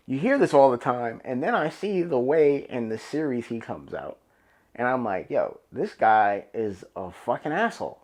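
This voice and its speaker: A man's voice: medium pitch, a little mellow. Profane, rambling New York man ranting solo. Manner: profane, emphatic, loose and rambling. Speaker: podcast host. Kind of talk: solo podcast rant. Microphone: camera and podcast mic.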